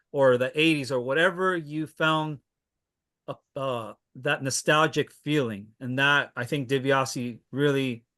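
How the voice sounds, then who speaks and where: A man talks through his favorite albums in a loose, casual way, pausing often with fillers and restarting his sentences. His delivery is slow and his tone is bright. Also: medium pitch. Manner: unhurried, hesitant with many fillers and restarts. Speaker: music recommender on a panel. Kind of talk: casual chat.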